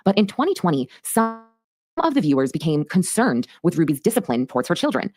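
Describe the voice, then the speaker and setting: A woman hosting a true crime podcast, recapping a case in fast, emphatic storytelling. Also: fairly low pitch, big pitch swings, a little mellow, no echo, soft background music. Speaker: podcast host.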